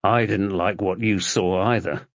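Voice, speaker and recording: A man's voice: low-pitched, fairly even intonation, unhurried, dry recording. A man voicing a tense detective and protective husband who talks tersely, in a dull lo-fi recording.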